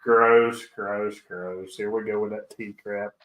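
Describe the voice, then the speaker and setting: A man's voice: on the low side, fairly even intonation, takes it slowly, over a noisy crowd, rough recording. A man hosting a casual radio-hobby chat show, talking in a rambling way with frequent restarts. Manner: rambling, self-interrupting. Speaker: podcast host.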